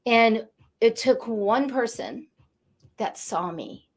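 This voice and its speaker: A woman in her late fifties, a guest on a talk show, telling her life story in an animated, emotional way. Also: fairly high pitch, slow pace. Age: 50s. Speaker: guest, energy coach. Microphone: studio or video call mic.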